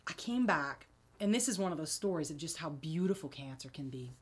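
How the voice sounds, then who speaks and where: A woman telling her story as an interview guest, chatty and animated. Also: a little fast, husky. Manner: chatty, animated, rises high when quoting others. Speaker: singer and guest.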